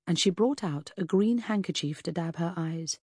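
A woman reading a first-person novel aloud in a measured, even storytelling way. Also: on the low side, husky, dry recording, studio quality. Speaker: audiobook narrator. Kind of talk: scripted first-person narration.

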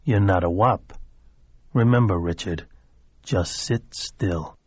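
Gruff mob boss guy, a man doing the voice, deep and quiet, husky, kinda muffled dry recording. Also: slow pace, dry recording. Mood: curt. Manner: curt, commanding, low and quiet.

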